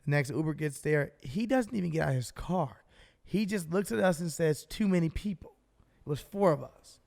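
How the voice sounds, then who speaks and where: A man's voice: fairly high pitch, animated, brisk, vocal fry, a little mellow, in a large hall. A man co-hosting a podcast, telling a long, profane story in a casual chat and acting out both sides of a phone call. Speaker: podcast co-host.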